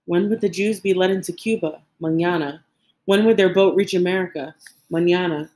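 Woman narrating an audiobook. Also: lowish voice. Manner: measured, expressive reading. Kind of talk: scripted narration.

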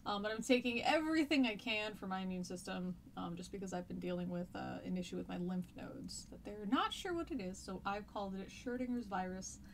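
A woman teaches history in a loose, chatty live stream, rambling through fillers and restarts. Her voice sits at an ordinary middle pitch. A faint hiss runs behind her. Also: a little fast, hardly any pauses. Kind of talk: casual live-stream lesson chat.

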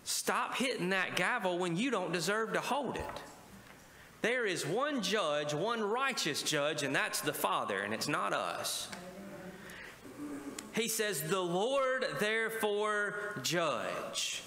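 A man's voice: high-pitched, animated, slow pace, sharp tone, a little hiss or hum. A male pastor preaching a sermon, often asking the congregation to respond. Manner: preaching with call-and-response asides. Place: church sanctuary. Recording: echoey church hall with faint ambience.

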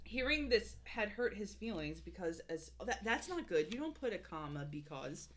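A woman's voice: mid-range voice, big pitch swings, moderate pace, over a noisy crowd. A woman streamer reading a book aloud, steadily, stopping to mock its writing. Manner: reads steadily, breaks off to mock the text.

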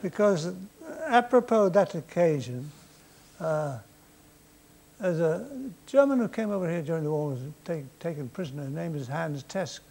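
A man's voice: fairly high pitch, moderate pace. Older man, dry stage storyteller. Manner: dry, deadpan anecdotal delivery. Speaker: comedian telling stories on stage. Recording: faint noise, 1990s VHS tape.

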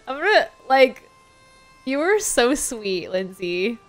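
A woman's voice: a little high, big pitch swings, very slow, faint music behind. Giggly woman streamer gushing and swearing. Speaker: livestreamer. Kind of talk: casual livestream chat while gaming.

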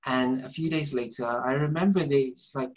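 A man's voice: mid-range voice, moderate pace, poor audio. Man, interview guest, earnest, meandering, restarts often. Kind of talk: conversational storytelling. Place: Southampton, UK.

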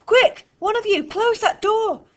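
A woman's voice: very high voice, unhurried, voice pushed up. A woman reading out a brave, bossy schoolgirl who whispers urgently. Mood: shouting. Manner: urgent whispers rising to shouts.

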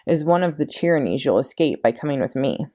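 A woman's voice: deep voice, lively intonation, a little fast, mellow. A woman voicing a self-assured young girl who speaks precisely and corrects grammar. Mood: planning. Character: bossy, prim older sister, about twelve.

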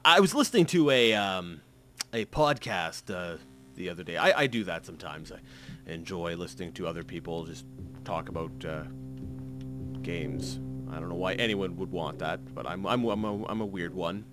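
A man's voice: low voice, normal speed, music in the background. A man in his thirties giving rambling, self-mocking commentary while playing a game, full of restarts and fillers. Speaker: let's play commentator. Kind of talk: gameplay commentary.

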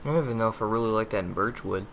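A man's voice: fairly low pitch, racing, a bit bright, a little hiss or hum. A man giving casual gameplay commentary, muttering to himself, yelping and cursing when frustrated, with crude jokes. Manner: muttering, easily frustrated, yelps and curses at the game; crude joking.

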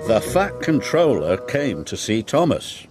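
Storybook narrator man, lively intonation, slow reading over music. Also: lowish voice. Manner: expressive. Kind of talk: storybook read-aloud.

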